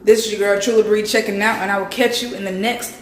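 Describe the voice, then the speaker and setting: A woman vlogger with a raspy, hoarse voice from a sore throat, chatting straight to her viewers. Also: mid-range voice, flat delivery, quick pace, reverberant, slight background noise. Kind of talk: casual vlog chat.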